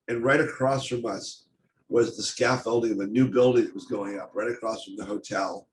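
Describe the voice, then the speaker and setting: An older man giving a personal storytelling talk on stage, speaking in a halting, intense way with many restarts. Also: lowish voice, steady tone. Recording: echoey room, faint noise.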